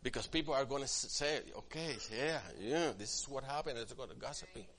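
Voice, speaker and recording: Preaching man, quiet to loud. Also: mid-range voice, brisk. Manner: swings from quiet asides to loud emphatic preaching; acts out quoted church members in different voices. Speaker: pastor. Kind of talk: sermon.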